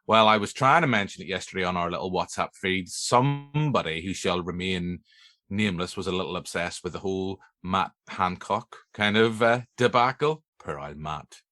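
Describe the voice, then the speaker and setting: Bright-voiced Northern Irish man, dry mic. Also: low voice, moderate pace, dry recording. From Northern Ireland. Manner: rambling, jokey, lots of fillers. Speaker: podcast host. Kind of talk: casual chat.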